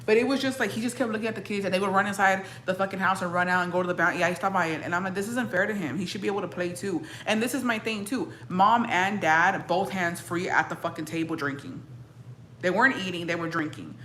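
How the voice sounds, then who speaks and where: This fast-talking young streamer has a lowish, slightly bright voice and reacts bluntly and profanely to her viewers' comments. Her Mexican-American English shifts into Spanish at times, with a little hiss or hum audible.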